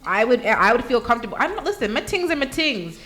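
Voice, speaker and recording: A woman hosting a casual group chat, telling a story with lively acted-out quotes. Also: a little high, quick pace, faint music behind. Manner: animated storytelling, acts out quotes. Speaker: radio show host.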